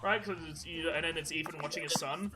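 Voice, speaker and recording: A man's voice: a little high, fast talker, over music, low-quality recording. A man co-hosting a podcast, telling stories in a casual, rambling way with lots of swearing. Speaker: podcast co-host. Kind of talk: casual chat.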